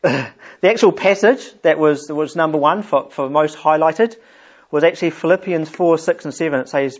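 A man's voice: a little high, moderate pace, lo-fi sound. A man leading an informal Bible study for a group, chatty and often chuckling as he explains a psalm.

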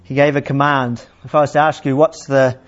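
A man preaching a sermon in a plain, unhurried teaching manner, asking his listeners questions. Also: medium pitch, little pitch movement. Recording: slightly dull, lo-fi sound.

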